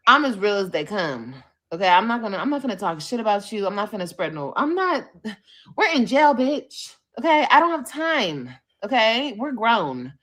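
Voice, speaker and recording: A woman from California tells a story on a casual livestream. She is blunt and profane, and her pitch swings widely as she slips into other people's voices. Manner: animated, profane, switches voices when quoting others. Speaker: podcast host.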